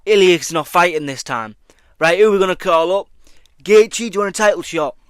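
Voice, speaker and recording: A man doing a hurried fight promoter. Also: high voice, smooth, dry recording, studio quality, voice pushed up, natural voice.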